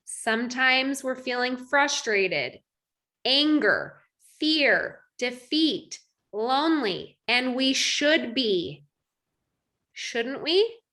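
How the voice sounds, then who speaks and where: A high-pitched woman in her thirties leads a coaching call over video. She talks in a lively way and acts out her own inner thoughts in quoted voices. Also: very slow. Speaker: life coach.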